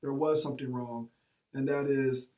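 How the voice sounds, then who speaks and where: A man, a teacher and former coach, telling a personal story in a colloquial, animated way, acting out quoted lines. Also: medium pitch, moderate pace. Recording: roomy sound from a distant mic.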